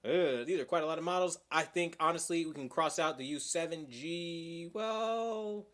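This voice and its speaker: A man's voice: fairly high pitch, moderate pace, fairly bright tone. A young man hosting a livestream, talking in a heated, profane, rambling way with many fillers. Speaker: livestream host. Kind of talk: casual livestream chat.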